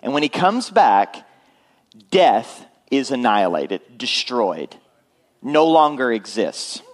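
A man's voice: medium pitch, big pitch swings, slow pace. Male pastor, conversational sermon delivery, frequent check-ins with the congregation. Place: church.

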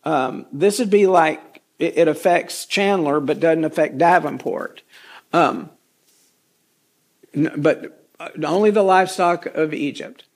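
A man's voice: fairly high pitch, a little slow. A man teaching a casual Bible study, folksy and rambling with chatty asides.

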